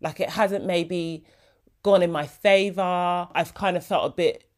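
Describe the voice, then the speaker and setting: A woman's voice: lowish voice, measured pace. A young woman, hosting a casual solo podcast in a chatty, heartfelt way. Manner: chatty, heartfelt, slips into quoted voices. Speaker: podcast host.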